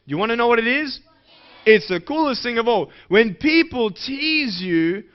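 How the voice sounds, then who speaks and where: A motivational speaker with a very high-pitched, clear and resonant voice addresses schoolchildren playfully, asking the audience questions. The recording itself is dull and lo-fi.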